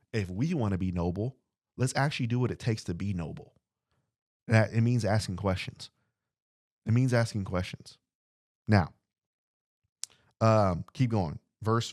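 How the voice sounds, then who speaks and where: A man's voice: on the low side, darkish tone, no echo, clean studio sound. A man preaching a podcast sermon in an earnest way, repeating phrases and putting questions to his listeners. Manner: acts out short dialogues.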